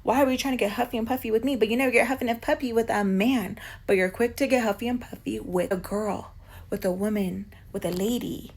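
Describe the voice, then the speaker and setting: A woman's voice: on the high side, steady tone, fast, darkish tone, slight background noise. Chatty young woman telling a story. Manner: chatty, filler-heavy, indignant. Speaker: vlogger telling a nanny story. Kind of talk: casual storytime. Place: at home doing makeup.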